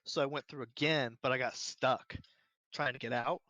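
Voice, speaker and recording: Animated man in a dry room. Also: medium pitch, normal speed, no room sound, highs cut off. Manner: animated storytelling, acting out his own past thoughts. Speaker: podcast co-host. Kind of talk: casual chat.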